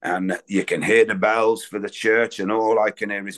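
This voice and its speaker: A man's voice: lowish voice, fairly even intonation, moderate pace, a bit bright. A man speaking candidly and in a rambling way at a recovery meeting, sharing his own story. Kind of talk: personal recovery share.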